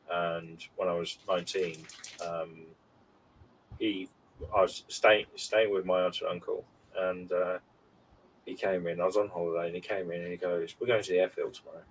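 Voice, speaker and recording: Rambling man in his forties. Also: low-pitched. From United Kingdom. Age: 40s. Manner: rambling, heartfelt storytelling with many fillers. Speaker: podcast co-host. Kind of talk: casual chat. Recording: slightly distant mic with faint background noise.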